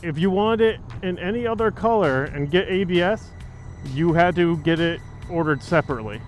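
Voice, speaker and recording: A man's voice: high voice, moderate pace, soft background music. A man chatting casually while riding a motorcycle outdoors, joking and rambling with lots of fillers, into a helmet mic. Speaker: motovlogger.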